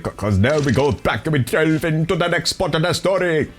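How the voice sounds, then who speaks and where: A man's voice: on the high side, expressive, a little slow, faint music behind. A man casually commenting on a video game playthrough, playful, reading dialogue and repeating phrases for fun. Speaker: gameplay streamer.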